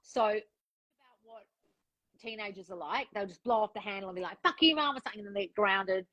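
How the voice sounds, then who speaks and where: A woman's voice: medium pitch, steady tone, fairly quick, fairly bright tone, dry recording, rough recording. A woman coaching a client one-on-one, frank and direct, giving instructions and acting out the thoughts she wants the client to have. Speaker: relationship and manifestation coach.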